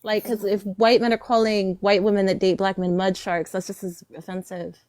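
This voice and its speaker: A woman's voice: mid-range voice, flat delivery, normal speed, darkish tone. A young woman from western Pennsylvania calling into a live stream, defensive and pushing back with questions. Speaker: caller.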